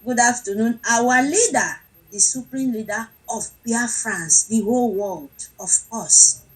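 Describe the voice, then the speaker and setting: Woman, audio chat participant, slow pace, higher voice, effusive. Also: rough recording. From Nigeria. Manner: effusive, greets many by name. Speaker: participant in an online audio space. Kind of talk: greeting people in a group audio chat.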